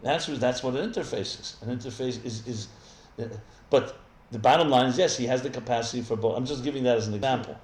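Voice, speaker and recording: A man's voice: mid-range voice, fast, hardly any pauses, darkish tone. A man teaching as a rabbi in a live text study class, explaining as he goes and often restarting his sentences. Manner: thinks aloud with many restarts, explanatory. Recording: echoey room with faint ambience.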